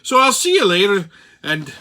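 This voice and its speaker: A man's voice: sits high, wildly swooping pitch, normal speed, noisy background, pitched above the performer's own voice. A man doing a whimsical Irish accent as a profane, ranting political pundit. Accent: put-on Irish. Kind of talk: political commentary rant.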